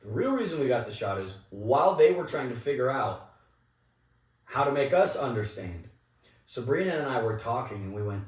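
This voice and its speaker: A man's voice: mid-range voice, moderate pace, distant mic. A young man, an actor guest in an interview, telling anecdotes casually and animatedly, acting out the people in his stories. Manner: animated anecdotal storytelling with quoted asides. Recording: echoey room, a bit off mic.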